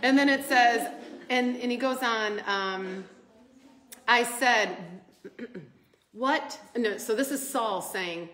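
A woman's voice: a little high, a little slow. A woman giving a casual devotional talk, telling stories with laughs and acting out the quotes. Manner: animated, laughing storyteller who acts out quotes. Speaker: Bible study speaker. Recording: echoey room.

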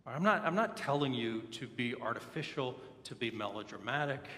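A man's voice: mid-range voice, lively intonation, moderate pace, bright, forceful tone. A man preaching a sermon, telling personal stories in an earnest, candid way. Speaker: pastor. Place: church sanctuary. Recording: echoey church hall.

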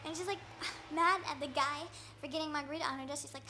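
A woman's voice: high-pitched, fast, sharp tone, slight background noise. A young woman telling a gossipy comic rant in valley-girl talk, saying "like" and "oh my god" constantly. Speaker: vlogger.

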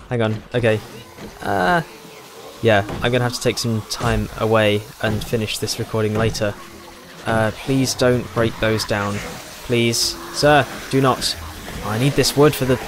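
A young British man with a medium-pitched voice offers casual, chatty, self-mocking commentary as he plays a game, with noise in the background. He's a gaming YouTuber from Britain with a British English accent.

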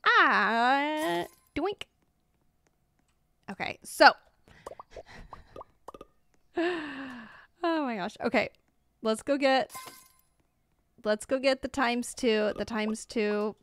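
A woman's voice: on the high side, slow pace, pauses often, clear, resonant tone. Bubbly American woman streaming live. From United States. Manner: bubbly, chatty, exclamatory. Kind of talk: live game commentary.

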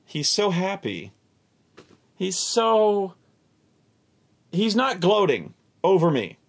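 A man telling a casual, profane story about a tabletop game, animated and exasperated, often repeating himself. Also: high voice, slow, creaky.

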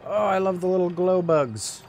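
A man's voice: high voice, moderate pace, creaky, darkish tone, slight background noise. A man hosting a let's play, chatting playfully and reading the game text aloud. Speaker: gaming video host.

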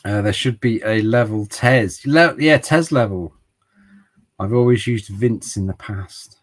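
The audio is poor as a middle-aged man with a lowish voice talks at a measured pace while streaming retro games. His casual chat meanders, full of jokes and stumbling restarts.

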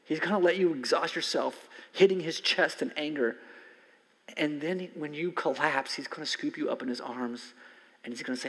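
A man in his forties preaching a conversational sermon as a pastor, swinging from loud emphasis to soft near-whispers. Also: a little high, lively intonation, fairly quick, husky. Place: church sanctuary. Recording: long hall reverb from a church sanctuary.

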